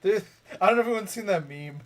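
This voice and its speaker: A man's voice: high voice, lively intonation, quick pace. A young man commenting casually on a strategy game as he plays, rambling, repeating himself and making jokey asides to his chat. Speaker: let's play streamer.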